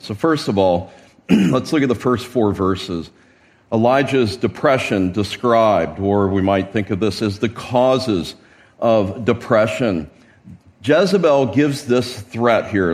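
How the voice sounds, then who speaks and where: Conversational male preacher. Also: mid-range voice. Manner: conversational, emphatic, asks rhetorical questions. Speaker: pastor. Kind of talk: sermon. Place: church.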